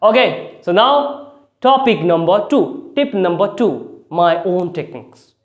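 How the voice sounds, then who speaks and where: A man's voice: high-pitched, expressive, unhurried, muffled recording. A man giving a spoken English lesson, often restarting phrases and leaning hard on key words. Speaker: English speaking teacher.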